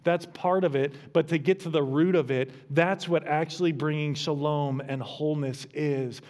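A middle-aged pastor delivers a sermon in a fairly high voice. His tone stays conversational and casual. Now and then he pushes into emphatic peaks. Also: fairly even intonation, normal speed, a little mellow. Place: church.

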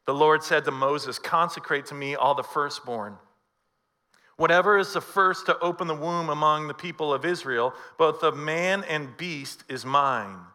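A middle-aged pastor preaching a sermon, telling a personal story and acting out the dialogue. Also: male voice, on the high side, normal speed, bright, forceful tone.

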